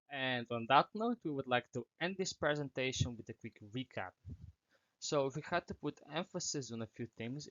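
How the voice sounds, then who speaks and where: A man's voice: medium pitch, a bit bright, no echo, muffled recording. A teenage boy from Slovenia, an English speaker, earnestly presenting a prepared talk as a student and listing his points one by one. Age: teens. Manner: earnest, reads through numbered points with small restarts.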